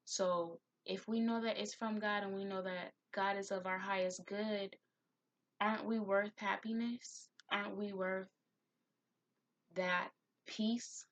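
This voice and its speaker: Slow, heartfelt woman tarot reader. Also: mid-range voice, steady tone. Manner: slow, heartfelt, encouraging, spiritual; gets emotional. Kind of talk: spiritual tarot reading.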